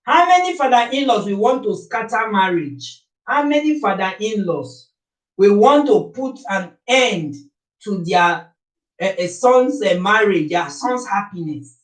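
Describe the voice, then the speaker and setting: A woman's voice: medium pitch, sing-song, a little slow, recorded from a distance. A woman with a Nigerian accent talking to her live-stream viewers, making her case with repeated rhetorical questions. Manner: forceful, rhetorical, repeats points. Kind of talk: opinionated live-stream talk. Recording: echoey room, voice off-mic.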